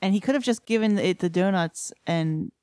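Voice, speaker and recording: A woman co-hosting a podcast, playful and quick to laugh, adding dry asides to the recap. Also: lowish voice, a little mellow, no echo. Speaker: podcast co-host. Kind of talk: casual episode recap chat.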